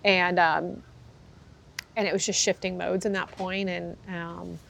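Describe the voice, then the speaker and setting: Low-voiced woman telling a candid story. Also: flat delivery, measured pace, gravelly, fairly bright tone, slight background noise. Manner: candid storytelling, acts out quotes. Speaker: horse trainer, guest. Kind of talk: conversational interview.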